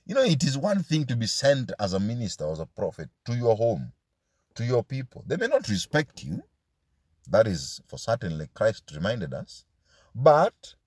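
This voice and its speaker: A man's voice: medium pitch, darkish tone, husky, no room sound, clean studio sound. A man preaching a sermon as pastor, asking his listeners question after question and dropping into Swahili asides.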